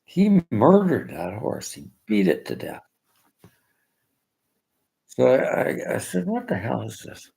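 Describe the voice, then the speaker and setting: A man in a rambling personal monologue, halting and emotional, often dropping to near-whispers. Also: medium pitch, wildly swooping pitch, vocal fry, mellow.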